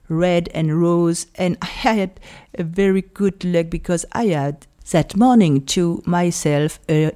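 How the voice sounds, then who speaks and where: A woman's voice: fairly low pitch, mellow. A woman with a French accent hosting a podcast, speaking earnestly and choosing her words with care. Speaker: podcast host. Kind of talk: podcast monologue.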